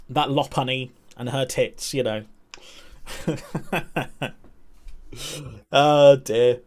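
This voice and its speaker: A man's voice: medium pitch, steady tone, extremely slow, long pauses. A young man chatting candidly and rambling on a live stream, swearing and laughing often. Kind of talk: casual chat.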